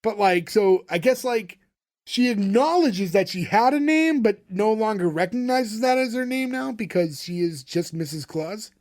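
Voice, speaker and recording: Male podcast co-host, high voice, rambling casual recap. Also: lively intonation, moderate pace, a little mellow. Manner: rambling, filler-heavy, laughs often. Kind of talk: casual chat recapping a TV episode.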